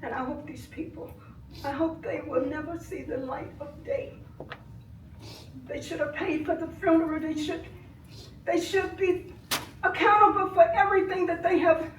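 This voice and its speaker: An older woman giving impassioned public comment at a board meeting, swinging between soft grief and loud anger. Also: extremely high pitch, steady tone, a little slow, slight background noise. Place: village board meeting room. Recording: echoey room, voice from far off.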